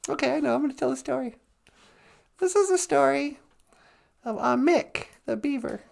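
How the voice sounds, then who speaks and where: Woman, storyteller, high voice, gravelly, chatty, humorous. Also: expressive, moderate pace, a little mellow. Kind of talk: casual storytelling.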